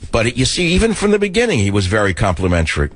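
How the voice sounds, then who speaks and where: A man's voice: on the low side, wildly swooping pitch, rapid-fire. Older New man, combative radio host. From the Bronx, New York. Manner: rambling, combative, sarcastic. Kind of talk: talk radio monologue.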